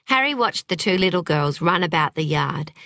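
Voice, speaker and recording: A woman narrating a novel in an expressive, dramatic reading style, recorded on a close studio mic. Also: fairly low pitch, moderate pace, dry recording. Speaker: audiobook narrator. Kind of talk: scripted narration.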